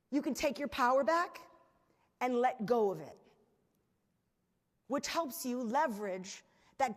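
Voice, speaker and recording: A woman giving a motivational stage talk, telling stories in an animated, chatty way to a live audience. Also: high-pitched. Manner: animated storytelling, chatty fillers. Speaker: keynote speaker. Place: large hall with live audience. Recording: reverberant hall.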